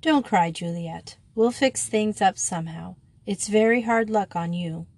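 A woman's voice: medium pitch, a little slow, dry recording, low-quality recording. A woman voicing a kind, reassuring young headmistress. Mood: gentle. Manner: gentle, reassuring. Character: kind young headmistress, gentle but firm.

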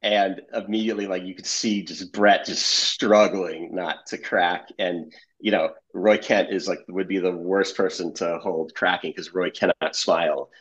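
A man's voice: low-pitched, steady tone, measured pace, fairly bright tone, highs cut off. A man, a comedy editor, telling behind-the-scenes stories in a casual interview and laughing often.

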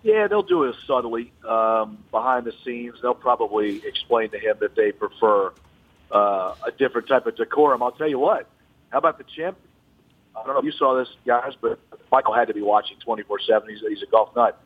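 A man phoning in to a radio show as a golf reporter, telling stories in a lively, animated way. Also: medium pitch, brisk, breathy edge. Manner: animated storyteller. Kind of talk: casual radio chat. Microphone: telephone. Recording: tinny phone line.

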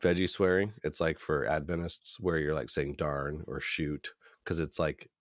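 Deep-voiced man telling stories, laughing. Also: steady tone, moderate pace, no echo, studio quality. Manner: laughing storyteller, acts out quotes in higher voices. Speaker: podcast co-host. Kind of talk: casual chat.

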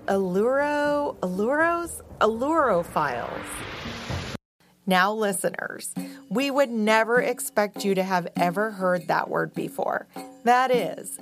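A woman co-hosting a podcast, narrating a children's story in a slow, expressive and playful way. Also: medium pitch. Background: music.

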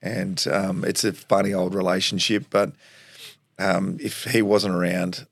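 A middle-aged man from Tasmania with an Australian accent, telling animated stories as a podcast guest, acting out quoted voices and laughing often. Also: sits low, a little slow, gravelly, dry recording. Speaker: guest, former footballer. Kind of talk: storytelling interview.

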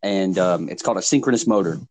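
A man in casual chat, calmly explaining technical work in plain words. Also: sits low, fast, no room sound, rough recording.

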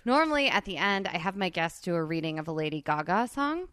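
A woman hosting a podcast in casual chat, bubbly and quick with asides, laughing often. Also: on the low side, sing-song, fairly bright tone, smooth, no room sound, clean studio sound. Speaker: podcast host.

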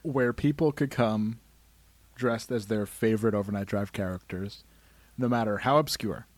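A man's voice: lowish voice, normal speed, no echo. Tired, rambling male podcast host. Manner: rambling, jokey, excitable. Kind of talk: casual chat.

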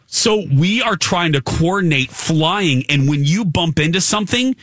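A man telling an animated story on a talk show, excitable and acting out the voices of the people in it. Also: on the high side, a little slow, hardly any pauses, dry recording, studio quality. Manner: excitable, acts out voices in his stories.

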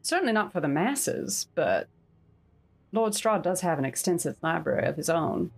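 A woman's voice: on the low side, expressive, moderate pace, gravelly, husky, full character voice. Woman playing a courtly, poised adventurer. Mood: probing. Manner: formal, courtly phrasing.

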